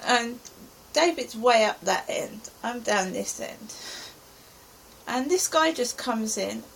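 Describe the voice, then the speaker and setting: A woman's voice: a little high, animated, slow pace, vocal fry, slight background noise, low-quality recording. A middle-aged woman from England giving an anxious, rambling account of her day as a personal diary. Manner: anxious, rambling present-tense retelling. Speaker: vlogger.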